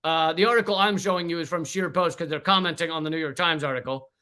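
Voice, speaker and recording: A man's voice: a little high, fairly even intonation, fast talker, bright, forceful tone, clear, resonant tone. A man hosting a livestream, ranting in a casual, profane, rambling way with many restarts. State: sweating from heat. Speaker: comedian livestream host.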